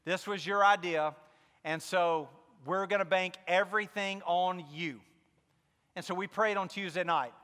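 A male pastor delivers a sermon in a high, bright voice, telling a personal story with candid asides before building to fervent emphasis. His words ring out with a long hall reverb behind them. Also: fairly even intonation, unhurried.

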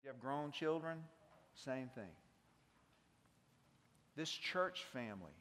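A man with a South Mississippi accent preaching a sermon, swinging between loud passion and hushed intensity. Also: medium pitch, expressive, slow pace, long pauses, in a large hall, a little hiss or hum. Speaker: pastor.

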